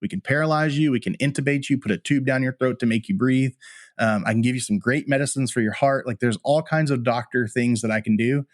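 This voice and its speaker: A man's voice: mid-range voice, fairly quick, no echo, clean studio sound. A man who works as a firefighter and paramedic, candidly retelling a painful personal story as a podcast interview guest. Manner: candid, plainspoken, emotional retelling.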